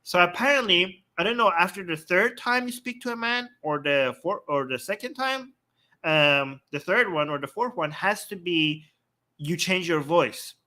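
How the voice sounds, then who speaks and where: A man from Iran, co-hosting a casual live-stream chat and telling stories with animated acted-out quotes. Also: sits high, normal speed. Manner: animated storytelling, laughs often, acts out quoted voices. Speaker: co-host.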